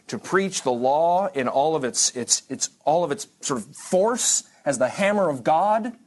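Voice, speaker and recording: A man's voice: a little high, darkish tone. Conversational man lecturing on church history. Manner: conversational, digressive, restarts and dry asides.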